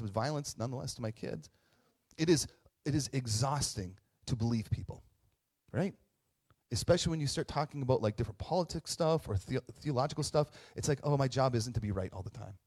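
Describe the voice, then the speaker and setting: A man's voice: medium pitch, darkish tone, slightly rough. A man in his thirties, a pastor, giving a casual conversational sermon, chatty with tag questions and restarts, joking at his own expense. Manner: self-deprecating humor.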